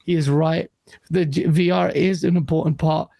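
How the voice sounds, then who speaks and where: A man hosting a casual gaming livestream panel, voice gone hoarse, blunt and swearing, laughing often and reading out super chats. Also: fairly high pitch, fairly even intonation, normal speed, warm tone, no echo. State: lost voice. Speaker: livestream host.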